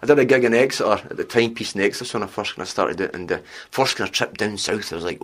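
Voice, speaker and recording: Scottish comic guy spinning gig stories, pitch all over the place, laughy. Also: quick pace, few pauses. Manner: animated storyteller, laughs a lot. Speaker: stand-up comedian, guest. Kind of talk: telling anecdotes.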